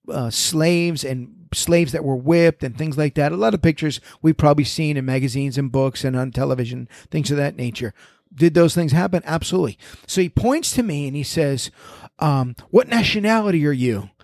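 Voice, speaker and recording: A man's voice: fairly high pitch, moderate pace, no echo. A pastor tells his stories in a slightly raised voice, acting out both sides of each exchange. The sound is dry and close, with no room around it. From United States. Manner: storytelling, animated, quoting exchanges. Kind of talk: conversational panel discussion.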